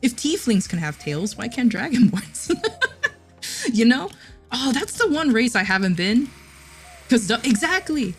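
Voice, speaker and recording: A woman's voice: a little high, big pitch swings, measured pace, pauses often, breathy edge, soft background music. Giggly woman chatting on stream. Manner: giggly, chatty, frequent restarts. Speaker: livestreamer reading chat. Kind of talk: casual stream chat.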